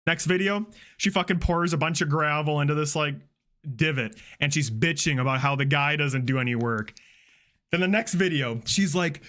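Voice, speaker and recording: A young man streaming, recapping a string of online videos in a casual, profane, animated way. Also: a little high, normal speed. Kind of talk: casual storytelling on a livestream.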